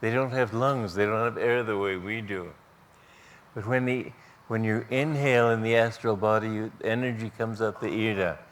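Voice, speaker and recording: A low-voiced man gives a gentle spiritual talk in an auditorium, telling stories with pauses and restarts. A faint hiss sits under his voice. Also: steady tone. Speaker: spiritual teacher.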